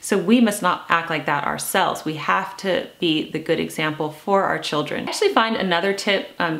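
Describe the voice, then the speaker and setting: A woman in her thirties, a lifestyle vlogger talking to camera in a calm, earnest way, slowing down to stress her points. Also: lowish voice. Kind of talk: casual talk to camera.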